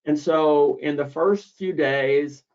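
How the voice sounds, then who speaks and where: A man giving an explanatory lecture on a treatment, deliberate and repeating key words for emphasis. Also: fairly high pitch. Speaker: misophonia therapist explaining treatment. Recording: dull lo-fi audio.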